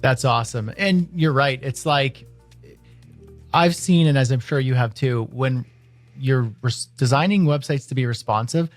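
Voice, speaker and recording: A man co-hosting a podcast, talking in a relaxed, easygoing way with the odd "uh". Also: medium pitch, measured pace, faint music behind. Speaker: podcast co-host. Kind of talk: casual podcast chat.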